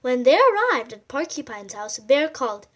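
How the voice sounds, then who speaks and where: A woman reading a picture book aloud in an animated way and adding chatty comments about the pictures. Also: high-pitched, normal speed. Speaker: storyteller.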